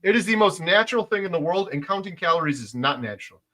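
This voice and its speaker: Emphatic, bright-voiced male livestream host. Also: high voice, animated, fast talker. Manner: emphatic, gets loud when making a point. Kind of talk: casual livestream chat reading viewer comments.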